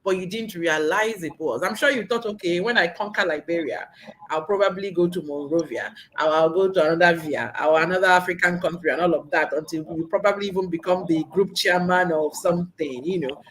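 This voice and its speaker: A woman hosting an interview show, effusive and animated, laughing often as she talks. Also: fairly low pitch, brisk, a little hiss or hum, low-quality recording. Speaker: talk show host.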